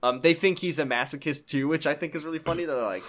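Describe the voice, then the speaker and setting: A man co-hosting a podcast, retelling a game story in casual comedic chat and acting out the characters' lines with big jumps in pitch. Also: fast, fairly bright tone. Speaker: podcast co-host.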